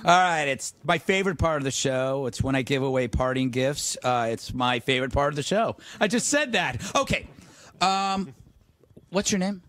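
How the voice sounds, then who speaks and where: Hosting a late-night comedy talk show in a TV studio, a man tells a rambling story full of self-mocking asides. His mid-range voice is expressive, a bit bright, and moderately paced, with soft background music and the live studio audience laughing audibly.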